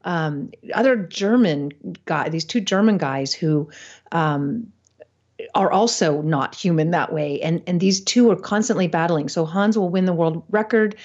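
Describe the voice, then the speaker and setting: A chatty woman with a fairly low voice, talking loosely as a podcast guest and laughing often. Her talk is full of fillers and restarts. The sound is dull, like a remote lo-fi call. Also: unhurried, darkish tone. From United States. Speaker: podcast guest, real estate investor. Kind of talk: casual interview talk.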